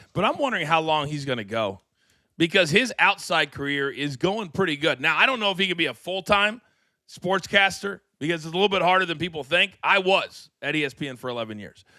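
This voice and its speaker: A male host with a very bright, sharp-edged voice that sits a little high. He talks fast and with energy, like he is cutting a promo. The studio sound is dry and close. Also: no room sound. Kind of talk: live wrestling talk show.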